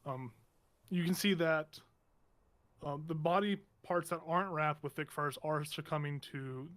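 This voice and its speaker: A man narrating a tabletop game as game master in a meandering, halting way with many restarts. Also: a little high, a bit bright. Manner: meandering, halting, self-correcting.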